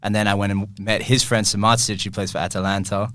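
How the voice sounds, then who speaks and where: A man's voice: fairly low pitch, level tone, fast talker, fairly bright tone, no room sound. A young man, a football kit store owner, telling a long story in casual chat, laughing and acting out his own reactions.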